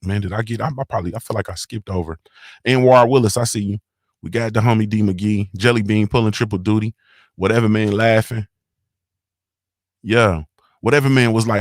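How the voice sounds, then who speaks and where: A man hosting a casual morning livestream from his home, speaking in a laid-back, slangy way as he shouts out his viewers. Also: on the low side, steady tone, fairly quick, long pauses, no room sound, studio quality. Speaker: morning show host.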